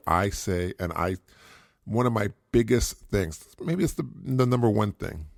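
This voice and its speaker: A man's voice: lowish voice, gravelly, darkish tone, no echo, clean studio sound. A middle-aged man hosting a podcast, giving casual parenting advice in an earnest, repetitive way and chuckling at his own points. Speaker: podcast host.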